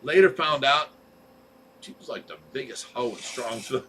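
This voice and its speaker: Brief: man, livestream host, rowdy storyteller, bright husky voice. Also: mid-range voice, moderate pace. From Ohio. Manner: animated storyteller, laughs often. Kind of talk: casual storytelling chat. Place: home fish room.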